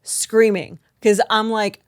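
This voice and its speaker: A young adult woman co-hosting a podcast, telling a rambling, animated story full of "like" in casual chat. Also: medium pitch, slow pace, clear, resonant tone. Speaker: podcast co-host.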